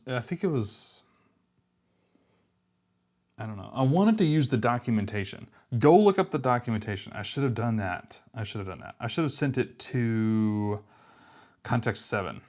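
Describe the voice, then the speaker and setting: A man's voice: on the low side, darkish tone. A man casually thinking aloud while building an app, muttering to himself, trailing off and making self-deprecating remarks. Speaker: app developer streaming a live build.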